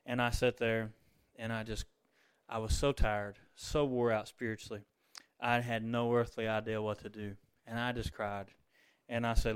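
A middle-aged man preaching a sermon, moving between fervent exclamations and quiet, tender storytelling. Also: medium pitch, level tone, moderate pace, clean tone.

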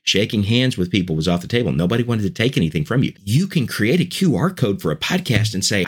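Deep-voiced earnest man, podcast chat. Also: expressive, a little fast, hardly any pauses, husky. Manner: earnest, persuasive, building points in lists. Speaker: preacher and podcast guest. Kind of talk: conversational podcast talk.

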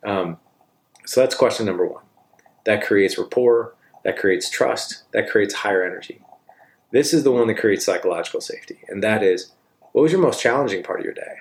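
Gravelly middle-aged man coaching parents. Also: fairly low pitch, moderate pace. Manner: emphatic, frequent tag questions. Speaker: parenting speaker. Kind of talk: conversational coaching talk.

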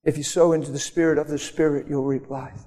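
A man preaching a sermon in a church, earnest and conversational, now and then jumping into high mock voices. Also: level tone, brisk, warm tone. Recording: long reverb of a church hall.

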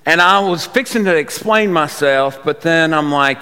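A fairly high-voiced man preaches a sermon, telling it like a folksy, conversational story. His words ring out with a long hall reverb behind them. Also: normal speed, bright, forceful tone, clean tone. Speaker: youth pastor.

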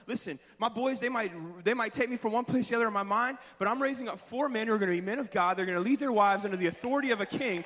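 A man preaching with a very high, bright, forceful voice that echoes around a large church. He swings from hushed, pleading passages into loud, shouted exhortation. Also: fast talker. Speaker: pastor. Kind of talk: sermon. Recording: long church reverb.

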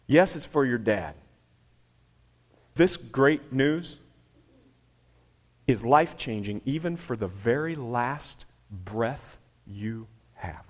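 A man's voice: medium pitch, expressive, slow pace, pauses often. A man preaching a sermon in a conversational, emphatic way, repeating phrases for effect. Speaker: pastor.

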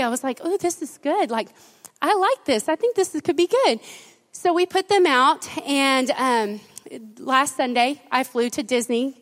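A woman pastor giving a sermon, chatty and animated, telling personal stories and speaking directly to her congregation at a church service. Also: high voice.

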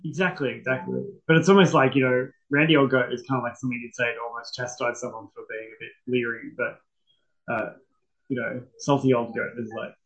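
Chatty cohost, laughs a lot, trails off, muffled lo-fi sound. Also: medium pitch. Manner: chatty, laughs often, trails off mid-thought. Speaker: podcast co-host. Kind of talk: casual chat.

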